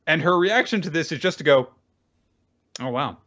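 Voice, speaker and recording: A man's voice: on the high side, expressive, fast, fairly bright tone, lo-fi sound. A man co-hosting a casual manga recap podcast, commenting wryly and laughing often. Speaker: podcast co-host.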